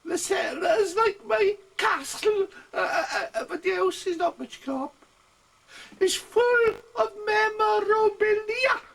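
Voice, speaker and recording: A man's voice: expressive, slow, creaky, a bit bright, recorded from a distance, exaggerated voice. An old man doing a quavering daft old hoarder. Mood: wailing comic. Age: older. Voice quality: high quavering strained voice, half laughing. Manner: comic verse recited in a put-on voice. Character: daft old male hoarder, cellar-dwelling crank. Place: home.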